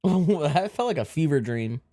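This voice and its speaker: Streamer guy joking around, kinda high voice, dry close mic. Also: big pitch swings, unhurried, dark tone, no echo. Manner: joking, crude, reacting to clips. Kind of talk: casual live-stream chat.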